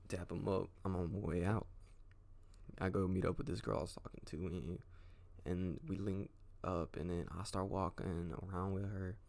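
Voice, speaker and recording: A young man with a low, gravelly voice tells a rambling story in casual slang. His talk is loose and profane, the easygoing style of a storytime clip. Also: fairly even intonation, moderate pace, darkish tone.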